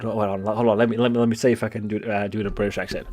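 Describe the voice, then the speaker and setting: A man's voice: on the low side, little pitch movement, racing, hardly any pauses, darkish tone. A man streaming a game, rambling and stammering through jokey commentary at a desk mic. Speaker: gaming streamer. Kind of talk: casual gameplay commentary. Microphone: desk mic with face cam.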